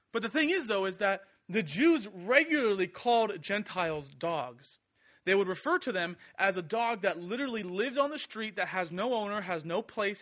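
High, bright-voiced young man preaching. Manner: animated, conversational, acts out quotes. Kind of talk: sermon.

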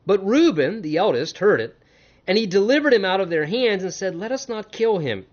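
A man preaching a sermon, reading scripture aloud and commenting on it emphatically, swinging between loud stresses and quiet asides. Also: sits high, very animated, moderate pace. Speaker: pastor. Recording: dull lo-fi sound.

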